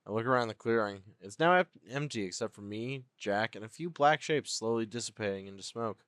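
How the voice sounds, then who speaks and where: A man's voice: fairly low pitch, animated, fairly quick, hardly any pauses, fairly bright tone, clean tone, dry recording, clean studio sound. A man narrating a story game in the first person, playful, with jokey asides. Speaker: game reader and streamer.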